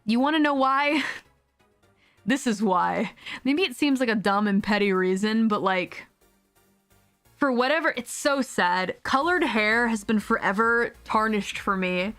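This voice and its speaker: Young woman gaming streamer, chatty and blunt, laughs a lot, kinda high voice. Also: expressive, unhurried, a bit bright, soft background music. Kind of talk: casual game stream chat.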